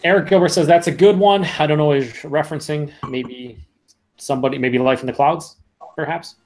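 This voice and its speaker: A man's voice: fairly high pitch, steady tone, brisk, a little hiss or hum. A man hosting a casual live video chat, teasing, laughing and reading out viewer comments with stumbling restarts.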